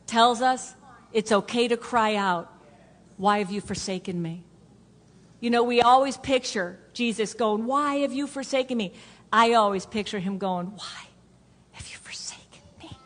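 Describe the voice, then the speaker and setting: Woman pastor, sermon delivery, earnest repeating cadence with hushed drops, lingering hall echo. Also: medium pitch. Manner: earnest, repetitive preaching cadence that drops to a hush for emphasis. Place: church sanctuary. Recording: long hall reverb.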